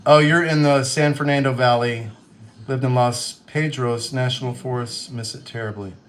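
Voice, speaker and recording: Soft-spoken man with a light Kentucky accent. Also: mid-range voice, steady tone, normal speed, slight background noise. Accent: light Western Kentucky. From Western Kentucky. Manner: chatty, reads out viewer comments, soft-spoken. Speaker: livestream host. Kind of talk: casual livestream chat while cooking.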